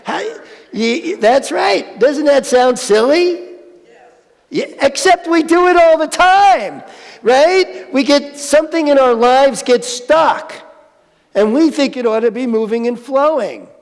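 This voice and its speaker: A man with an extremely high, expressive and creaky voice takes his time delivering a conversational sermon at a spiritual centre. Playful, he asks the audience questions, his words ringing through a reverberant hall.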